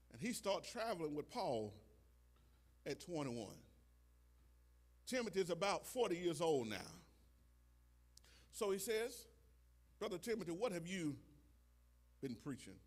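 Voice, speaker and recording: A pastor preaching a sermon, building to shouts, stammering and repeating lines. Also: male voice, high-pitched. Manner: stammers and restarts, chuckles.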